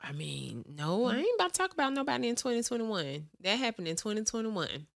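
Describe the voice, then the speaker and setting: A woman's voice: on the high side, brisk, gravelly. A young woman with a Southern US accent, co-hosting a casual podcast chat with a country twang. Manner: animated, laughs often, drawling country twang. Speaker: podcast co-host.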